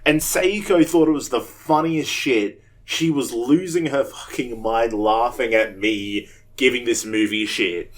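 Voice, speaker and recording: A man's voice: medium pitch, unhurried, few pauses. A young Australian man telling a rambling, profane story on a casual podcast. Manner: rambling and profane, with loud animated quoted voices. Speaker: podcast co-host.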